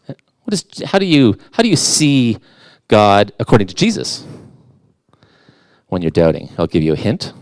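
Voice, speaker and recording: A man's voice: on the low side, huge pitch swings, moderate pace, long pauses, no room sound. A middle-aged man preaching a conversational sermon as a guest in church, casual and self-deprecating, with playful asides.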